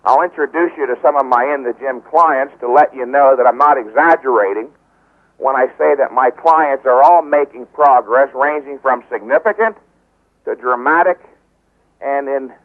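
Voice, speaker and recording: Emphatic male lecturer on a phone-in, mid pitch, thin tinny line sound. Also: moderate pace. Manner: lecturing, emphatic, repeats key points. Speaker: bodybuilding trainer as radio guest. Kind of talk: radio phone interview.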